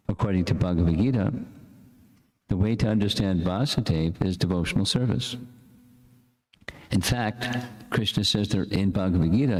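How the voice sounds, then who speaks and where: An older man teaching a scripture class to an audience, pausing to lead chanted verses for the room to repeat, in a casual, halting way with restarts. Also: lowish voice, a little mellow. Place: lecture hall with an audience. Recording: echoey lecture room.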